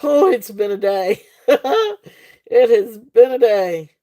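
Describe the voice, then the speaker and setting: A woman with a mellow, mid-range voice speaks slowly while hosting a casual live jewelry sale. It's chatty live-stream sales talk, full of laughter, fillers and restarts.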